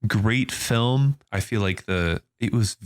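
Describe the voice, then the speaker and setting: A man's voice: fairly low pitch, takes it slowly, no echo, clean studio sound. A man co-hosting a casual movie review podcast, talking in a laid-back way with lots of "like" and "you know". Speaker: podcast co-host.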